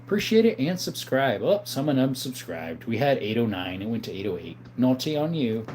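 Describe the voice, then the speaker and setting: A man's voice: mid-range voice, very animated, brisk, a little mellow, slight background noise. Chatty man hosting a livestream. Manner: chatty, laughs often, reads out viewer comments. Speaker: livestream host. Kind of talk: casual livestream chat. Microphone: phone.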